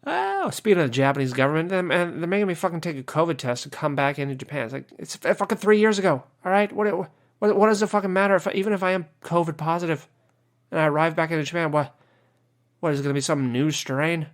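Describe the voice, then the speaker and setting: A man's voice: a little high, lively intonation, fast. An American man hosting a podcast, ranting casually with lots of swearing and "you know" fillers, sounding exasperated. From United States. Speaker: podcast host. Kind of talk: casual rant.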